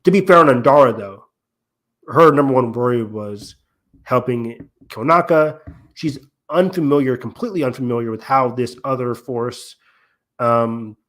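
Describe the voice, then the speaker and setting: A man's voice: medium pitch, normal speed, a bit bright. A man hosting a podcast in casual discussion, thinking aloud and rambling with lots of fillers. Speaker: podcast host.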